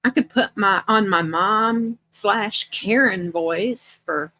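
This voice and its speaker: A middle-aged woman chats casually on her livestream, greeting viewers by name and laughing often. Her voice sits at an ordinary middle pitch. It is recorded close and dry, with no room echo. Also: slow pace, bright, forceful tone. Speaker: livestream host.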